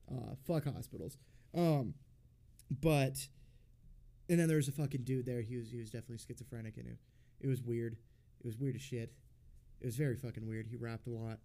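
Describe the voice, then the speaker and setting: A man's voice: mid-range voice, creaky, mellow. Rambling, profane young man telling stories. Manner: rambling, profane storytelling with many fillers. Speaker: podcast host. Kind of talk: casual chat.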